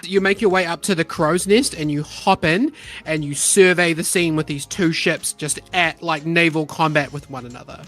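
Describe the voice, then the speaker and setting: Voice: medium pitch, moderate pace, a bit bright. A game master narrating a tabletop game in a casual way, with filler words.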